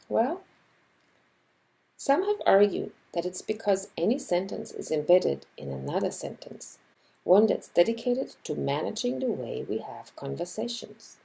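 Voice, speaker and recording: A woman lecturer giving scripted narration about linguistics, measured and explanatory, acting out example sentences as she goes. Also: medium pitch, sing-song, creaky, warm tone, low-quality recording.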